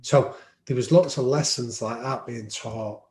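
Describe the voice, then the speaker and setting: A man's voice: mid-range voice, unhurried, darkish tone. Reflective man in a roomy room. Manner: reflective, anecdotal, frequent ums. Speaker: podcast guest. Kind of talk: storytelling in an interview. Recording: roomy echo.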